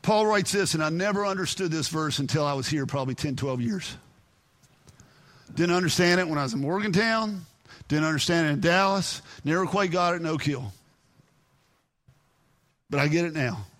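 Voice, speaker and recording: A man preaching a sermon as pastor, emphatic, with sudden loud peaks and quieter, earnest stretches. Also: fairly high pitch, normal speed, pauses often. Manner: emphatic preaching, rising to near shouts then dropping to quiet earnest talk.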